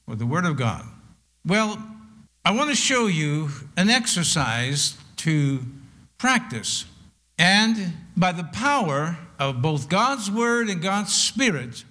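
An older man preaching a sermon, reading scripture slowly and with deliberate emphasis on each word. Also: high-pitched, pushed and bright.

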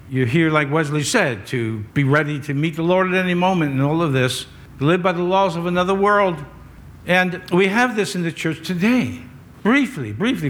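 Older male pastor, slightly high voice, chatty sermon delivery with wry asides. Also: a bit bright. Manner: conversational preaching with wry asides.

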